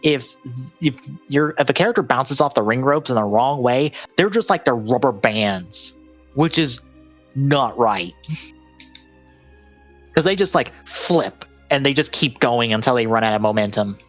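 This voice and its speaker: A man's voice: medium pitch, animated, unhurried, a bit bright, lo-fi sound. Guy on a gaming podcast, rambly, fixes his own slips, some faint music behind. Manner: rambling, self-correcting, laughs often. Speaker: podcast co-host. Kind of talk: casual chat and reading release lists.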